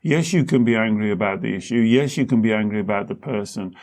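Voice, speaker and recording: Calm man teaching. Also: on the low side, fast. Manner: calm explaining, uses analogies. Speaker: therapist and host. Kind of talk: teaching talk.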